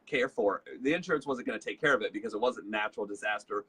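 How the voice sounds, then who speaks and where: A man's voice: fairly low pitch, fast, a bit bright, husky. A man, hosting a casual leadership talk and telling a story in a chatty way, acting out bits of dialogue. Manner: chatty storyteller, acts out dialogue, many fillers. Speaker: host.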